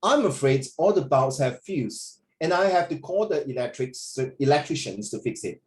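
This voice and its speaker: A man's voice: a little high, animated, normal speed, close to an everyday voice. A man voicing a stern father who delivers bad news with a heavy, serious tone, over a video call. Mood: grave.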